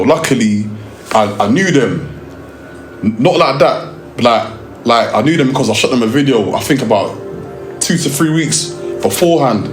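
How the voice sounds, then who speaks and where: Young london guy, slangy, keeps restarting, roomy room, bit of music behind. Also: medium pitch. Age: young adult. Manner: lively, slang-heavy, restarts often. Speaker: music video director. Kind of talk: storytelling interview.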